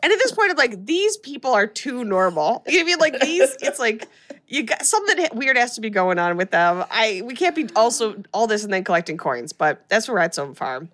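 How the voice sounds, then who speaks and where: A woman hosting a podcast, recapping a film in an animated, laughing, exclamatory chat. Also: a little high, fast talker. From raised on a farm. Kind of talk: casual comedic chat.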